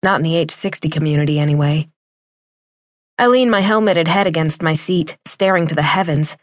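A woman narrating a first-person audiobook in a wry, measured way. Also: deep voice, no echo, clean studio sound.

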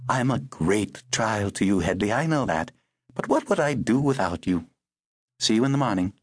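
A man's voice: mid-range voice, big pitch swings, moderate pace, no echo, studio quality, pitched above the performer's own voice. A man voicing a cool, composed older lady. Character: poised older upper-class woman, cool and wry.

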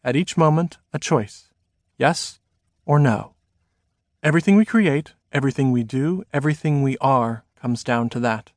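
A man reading his own novel aloud as a first-person audiobook narration, measured and expressive. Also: medium pitch, no room sound, studio quality.

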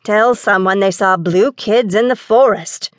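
A woman's voice: mid-range voice, a little slow, no echo, studio quality, close to an everyday voice. A woman voicing a bold, curious boy prince who teases his older brother in an eager, fearless way.

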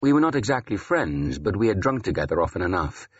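A male audiobook narrator tells the story in the first person with measured, dry delivery. His voice is very low and husky. The recording has a dull, lo-fi sound. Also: sing-song.

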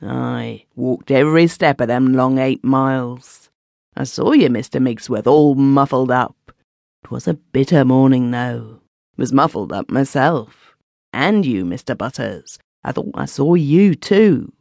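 A man voicing Smith, a kindly, excitable villager. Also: mid-range voice, gravelly, no room sound. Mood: earnest. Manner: gossipy, quick to burst into feeling. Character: kindly, emotional middle-aged villager Smith. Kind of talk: audiobook character voice.

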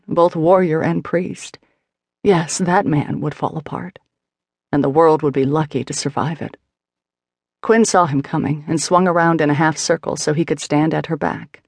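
Woman narrator, audiobook reading, gravelly texture, dry close studio sound. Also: low voice, darkish tone, no room sound. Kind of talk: scripted narration.

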